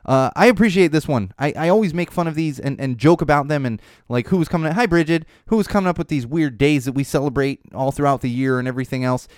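A man's voice: fairly high pitch, quick pace, hardly any pauses, no echo, studio quality. A young man hosting a podcast, talking in a casual, rambling and wry monologue that he peppers with swearing. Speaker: podcast host.

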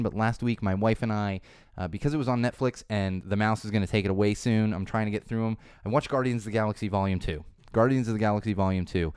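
Fast-talking sarcastic man, smooth dry voice. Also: on the low side, darkish tone, dry recording. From Chicago area, USA. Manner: rambling, sarcastic, ranting. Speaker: podcast host. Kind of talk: casual solo podcast chat.

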